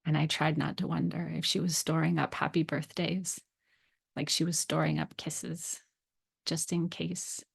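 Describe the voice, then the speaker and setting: Woman telling a story on her podcast, soft and gentle, a bit of vocal fry. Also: deep voice, little pitch movement, a little slow. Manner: gentle storytelling, voicing quoted dialogue. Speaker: podcast host. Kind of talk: scripted personal story narration.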